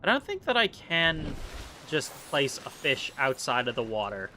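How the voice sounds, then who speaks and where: Lively, bright-voiced male game streamer. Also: mid-range voice, normal speed, a little hiss or hum. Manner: playful, theatrical mock-rage rants. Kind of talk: casual live-stream commentary while playing.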